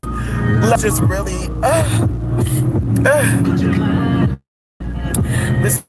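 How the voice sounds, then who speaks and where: Flamboyant high-voiced man, music blaring. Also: animated, extremely slow. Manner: flamboyant, chatty, calls everyone honey, swears freely, gushes and half-sings. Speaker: live-stream host. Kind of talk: casual live-stream chat while driving. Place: in a car. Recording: loud music over the voice. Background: loud music.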